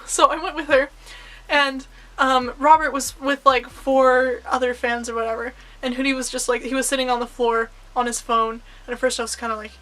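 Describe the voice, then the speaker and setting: A woman vlogger telling a story in a casual, excitable, rambling way full of fillers. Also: sits high, quick pace, soft background music.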